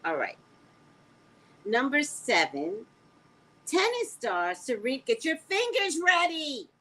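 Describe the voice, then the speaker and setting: A woman with a squeaky voice hosting a casual live stream, reading quiz questions to her viewers and bantering with them in a sassy way. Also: poor audio. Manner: sassy, animated, talks back to viewers.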